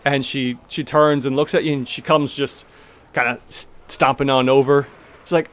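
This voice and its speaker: A man's voice: medium pitch, fairly even intonation, moderate pace. A man narrating as game master, loose and rambling with many fillers.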